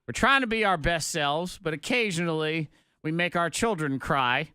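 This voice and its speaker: A man's voice: on the high side, normal speed, pushed and bright, clear, resonant tone, no echo, clean studio sound. An American man hosting a morning radio show, teasing his co-hosts in playful banter.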